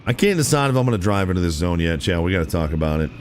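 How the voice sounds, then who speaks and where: A young man with a low, deep voice talks to his live-stream chat while he plays. His pitch swings widely as he reacts, and his tone stays relaxed and chatty, with a soft hum of noise in the background. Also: rapid-fire. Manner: chatty, laid-back, says "dude" and "chat" often. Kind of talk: casual chat with stream viewers while gaming.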